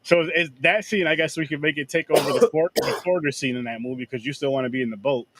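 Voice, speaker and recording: A man in casual podcast chat, chatty and quick to laugh. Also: fairly high pitch, very noisy.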